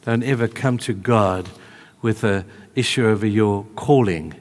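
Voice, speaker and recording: A man's voice: fairly low pitch, a little slow. Man preaching in a reverberant hall. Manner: animated storytelling, shifts between hushed and raised. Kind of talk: sermon.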